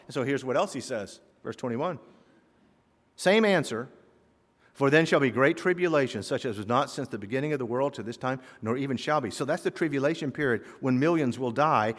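A man from the American South preaching a sermon as pastor, animated and full of rhetorical questions. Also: on the high side, long reverb tail.

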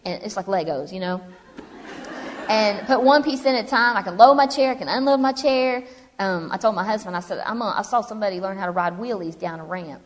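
A woman's voice: mid-range voice, brisk. Chatty woman in echoey hall. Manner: chatty, humorous, animated storytelling. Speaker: speaker telling her story. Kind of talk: personal testimony to a live audience. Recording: long hall reverb.

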